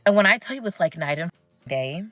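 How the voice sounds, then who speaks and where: A young woman talks straight into a close mic in a dry, dead room, her voice sitting on the low side. She rants in a chatty, emphatic way and drags out key words for effect. Soft music plays faintly underneath. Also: lively intonation, no echo. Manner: chatty, emphatic, drawn-out stresses. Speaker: commentator. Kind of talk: casual opinion rant.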